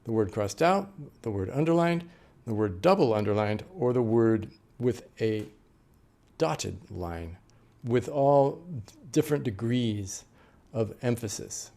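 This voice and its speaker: Speaking slowly and expressively, a middle-aged interpreter trainer from the United States takes his class through note-taking examples step by step. He has a gravelly, mellow, darker mid-range voice. He explains with frequent fillers and keeps stopping and restarting mid-sentence.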